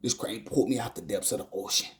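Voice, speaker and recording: A man giving an emotional personal testimony about a dream. He talks haltingly, repeats phrases, stumbles over his words and sometimes drops to a hushed whisper. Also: fairly low pitch, steady tone.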